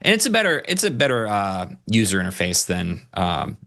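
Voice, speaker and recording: A man's voice: on the low side, huge pitch swings, moderate pace, gravelly, fairly bright tone. A man co-hosting a live stream, chatting loosely and laughing often as he answers chat questions.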